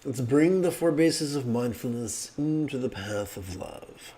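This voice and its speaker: A man, a meditation teacher, guiding a meditation with monotone mantra chanting and relaxed, joking asides. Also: mid-range voice, a little slow, husky.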